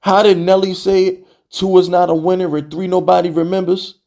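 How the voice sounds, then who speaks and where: Young male fan-channel host, slightly high, mellow voice, heated exasperated rant. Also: a little fast. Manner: animated, exasperated, repeats "bro" and rhetorical questions.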